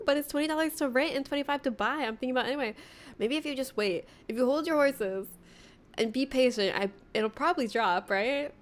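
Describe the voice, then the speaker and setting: A woman's voice: sits high, a little fast. A young woman streamer chatting casually with her viewers, bubbly and laughing often as she greets them by name. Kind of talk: casual livestream chat with viewers.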